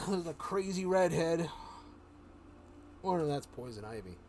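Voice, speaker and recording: A man casually reading a comic story aloud to a live stream, with relaxed, chuckling asides. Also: fairly high pitch, measured pace, slight background noise. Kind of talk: casual read-aloud narration.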